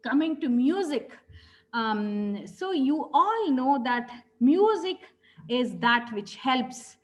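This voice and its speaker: A woman gives an earnest spiritual teaching talk as a yoga teacher. Her voice sits a little on the high side. She tells stories and pauses now and then to correct herself. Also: very animated, rough recording.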